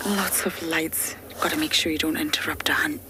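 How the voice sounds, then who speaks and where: Lady guide on a live game drive, low voice, hushed and giggly, clear outdoor noise around. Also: steady tone, normal speed. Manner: often hushed to a whisper, laughs often. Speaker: safari guide. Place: outdoors in the bush, in a vehicle. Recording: outdoor bush noise behind.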